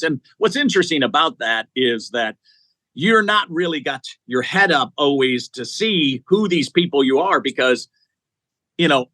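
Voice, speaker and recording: A man's voice: mid-range voice, bright, forceful tone, no echo. A man in his sixties telling stories as an interview guest, enthusiastic, with tumbling sentences full of restarts. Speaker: interview guest, executive recruiter. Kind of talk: conversational storytelling.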